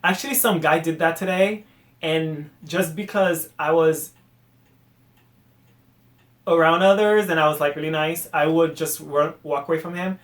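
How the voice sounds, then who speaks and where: A man, hosting a casual solo podcast rant, animated and exasperated, sometimes trailing off into muttered asides. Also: on the high side, measured pace, pauses often, reverberant. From Haiti. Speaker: podcast host.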